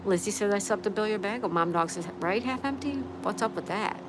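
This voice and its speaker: A woman's voice: mid-range voice, fairly even intonation, a little fast, noisy background. A middle-aged woman hosting a casual livestream, reading out viewer comments in a chatty, friendly way. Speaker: livestream host.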